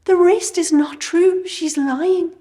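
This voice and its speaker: A woman's voice: extremely high pitch, slow, warm tone, pitched above the performer's own voice. A woman voicing a distraught young mother who sobs and begs for help in a Bible story for children. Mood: sobbing, pleading. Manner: tearful, begging.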